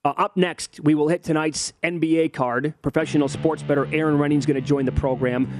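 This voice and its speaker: A male talk show host trading casual banter at a brisk clip. His voice sits a bit high and he throws himself into mock quotes. The studio sound is dry and close. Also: no room sound, faint music behind. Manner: animated, acts out quotes in a mocking voice. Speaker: sports betting show host.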